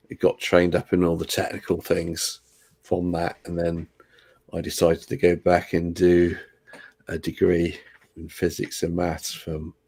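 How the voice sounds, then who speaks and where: Gravelly low-voiced older Englishman. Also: a little mellow. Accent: Southern English. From England. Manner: halting, hesitant delivery. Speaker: guest. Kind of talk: casual interview answers.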